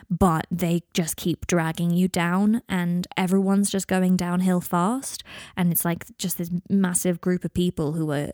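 A woman's voice: on the low side, darkish tone, no room sound, studio quality. Chatty self-deprecating woman podcaster. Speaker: podcast host and fan fiction writer. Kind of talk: casual reflective podcast talk.

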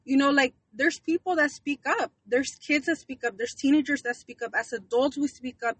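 A woman's voice: high voice, moderate pace, hardly any pauses, fairly bright tone, no room sound, poor audio. A woman in her early thirties co-hosting a podcast, talking bluntly, swearing and mixing English with Spanish. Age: 30s. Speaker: podcast co-host. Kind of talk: casual podcast chat.

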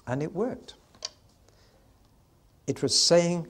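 An older man delivers a Bible teaching in sermon style, telling the story with emphasis. He slows down and leans on the key moments to give them weight. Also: mid-range voice.

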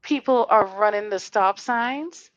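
A woman's voice: medium pitch, measured pace, no echo, lo-fi sound. A woman hosting a casual podcast, talking in a heated, blunt and profane way, firing off rhetorical questions. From Connecticut. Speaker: podcast host.

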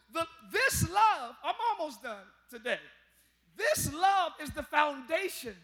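In a large church, a male pastor with an extremely high-pitched voice preaches a live sermon to his congregation. He's folksy, calls them y'all, and his quiet asides break into shouted peaks.

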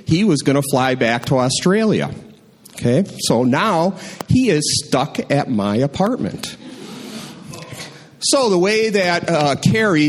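A man telling a personal story at a live storytelling night, in a conversational, wry and deadpan way. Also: on the high side.

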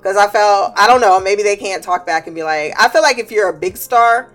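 A woman's voice: mid-range voice, brisk, a bit bright, faint music behind. A woman hosting a show, ranting bluntly and heatedly, with lots of swearing. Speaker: host. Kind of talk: ranting commentary.

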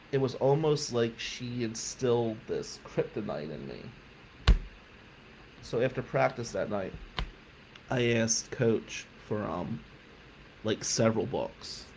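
A man telling a personal story in an emphatic, profane way, loudly acting out the people he quotes. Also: lowish voice, a little hiss or hum, poor audio.

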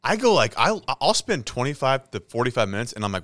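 A man's voice: mid-range voice, big pitch swings, fast, crowd noise. A man co-hosting a podcast in casual chat, joking and telling stories. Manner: joking, banters and spins stories. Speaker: podcast co-host.

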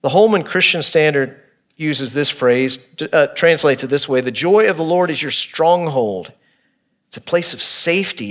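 Man, pastor, sermon, fairly high voice, earnest, emphatic then quiet. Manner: earnest preaching, shifting between emphatic and quiet, hushed delivery. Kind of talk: expository sermon.

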